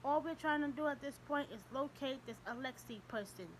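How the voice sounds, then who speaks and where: A woman reading the lines of a brisk, matter-of-fact male detective in an audiobook. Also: sits high, a little hiss or hum, natural voice, rough recording.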